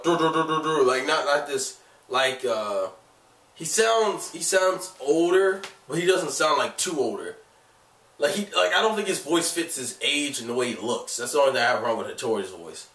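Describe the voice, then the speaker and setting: A man's voice: medium pitch, fairly bright tone. Casual anime vlogger, male, a cold and a cough, rambles and restarts, recorded from a distance in an echoey room. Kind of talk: casual review vlog. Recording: echoey room, away from the mic.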